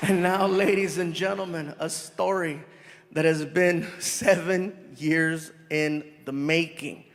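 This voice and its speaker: A man doing animated live stand-up storytelling on a theater stage. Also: fairly high pitch, slow pace, slight background noise. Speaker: stand-up comedian. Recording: live hall with loud crowd.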